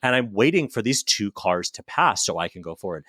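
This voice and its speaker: A man in his thirties co-hosting a podcast, telling a story in casual chat with an animated, profane, self-mocking manner. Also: on the low side, brisk, dry recording, studio quality. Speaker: podcast co-host.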